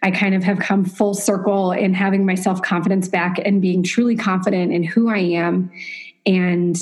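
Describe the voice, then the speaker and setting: A woman's voice: lowish voice, level tone, moderate pace. A woman guest from the United States, telling her own story openly and earnestly, with ready laughter. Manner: earnest, opens up readily, frequent laughter. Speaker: author and interview guest. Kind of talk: candid personal storytelling.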